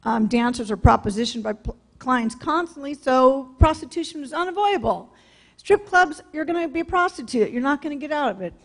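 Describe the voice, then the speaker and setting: High-pitched, blunt woman telling her story. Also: expressive, fairly quick. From California. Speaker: speaker sharing her testimony. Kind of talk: public talk, personal testimony.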